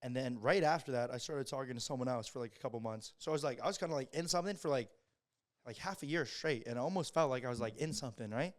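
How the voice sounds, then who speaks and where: 21 yr old guy, talks quick and relaxed, clean clear voice, lots of likes. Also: mid-range voice. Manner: laid-back, hesitant with many fillers. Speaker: podcast co-host. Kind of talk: casual chat.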